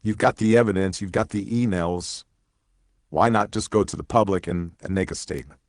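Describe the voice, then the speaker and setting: A man interviewing a guest with measured, leading questions. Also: low-pitched, no room sound, clean studio sound.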